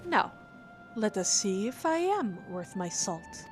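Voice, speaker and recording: Woman reading a calm, formal scholar. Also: medium pitch, over music. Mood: thoughtful. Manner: formal, measured, softer. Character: calm, learned female scholar.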